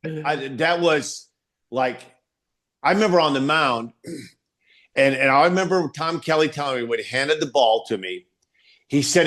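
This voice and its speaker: An older man, a former baseball pitcher, recounting a game in a plain-spoken, casual way with some swearing. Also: a little slow, pauses often, fairly bright tone. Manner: plain-spoken, swearing, recalls events step by step. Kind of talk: casual storytelling.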